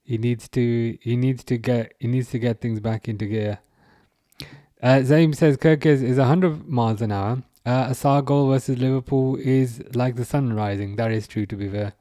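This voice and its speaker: A man's voice: medium pitch, steady tone, moderate pace, warm tone, no room sound, studio quality. A man hosting a casual football livestream, chatting and self-mocking, often restarting his sentences and laughing. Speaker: livestream host. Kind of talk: casual live match commentary.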